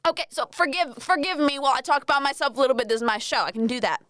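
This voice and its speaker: A woman's voice: sits high, very fast, a bit bright, dry recording, clean studio sound. A young Australian woman hosting a podcast, rambling and self-mocking, swearing freely as she chats alone. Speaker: podcast host. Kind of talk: casual solo podcast chat.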